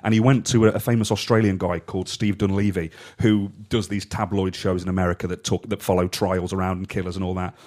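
Fast-talking low-voiced man. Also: level tone, darkish tone. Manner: enthusiastic, laughs often while telling anecdotes. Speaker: podcast co-host. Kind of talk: casual film chat.

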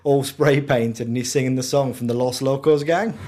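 A man's voice: mid-range voice, big pitch swings, normal speed, darkish tone. Man, podcast co-host, casual chat, enthusiastic, laughs often.

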